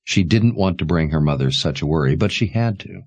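A man narrating a novel aloud in a measured, expressive storytelling manner. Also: low voice, breathy edge, no room sound. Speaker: audiobook narrator. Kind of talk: scripted narration.

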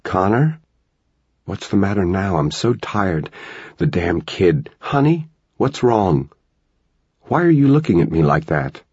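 A man's voice: sits low, sing-song, slow, long pauses, a little mellow, slightly rough, no room sound, dull audio, exaggerated voice. A man voicing a tired, worried mother of an eleven-year-old boy. She sounds anxious and pleading. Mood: weary.

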